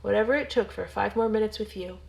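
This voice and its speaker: A woman voicing a steady young male marine with a gently teasing manner, read in a storybook reading. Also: medium pitch, quick pace, vocal fry, lightly acted.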